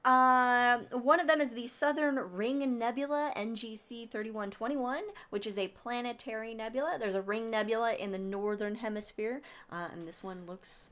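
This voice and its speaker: A woman's voice: a little high, moderate pace, few pauses, fairly bright tone. A woman co-hosting a casual astronomy podcast, explaining sky objects in a rambling, chatty way with lots of fillers. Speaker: podcast co-host presenting sky events. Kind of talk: casual chat.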